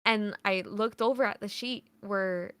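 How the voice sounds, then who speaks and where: A woman's voice: medium pitch, unhurried, a bit bright, clear, resonant tone, no room sound. A woman, a podcast guest, telling a casual story in a rambling way, full of "like" fillers and swearing.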